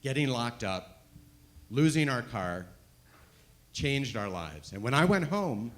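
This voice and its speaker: A male comedian telling a personal story on stage with a lively, wide-ranging voice. His delivery swings from loud, punchy bursts to quiet, dropped asides. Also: on the low side. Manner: animated, swinging from loud to hushed. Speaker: stand-up comedian. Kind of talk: stand-up storytelling.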